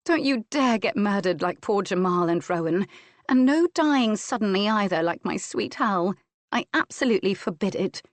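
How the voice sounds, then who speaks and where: Woman reader does a fierce young noblewoman: soft, intimate, slightly raised, dry close sound. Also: medium pitch, lively intonation, moderate pace, no echo, lightly acted.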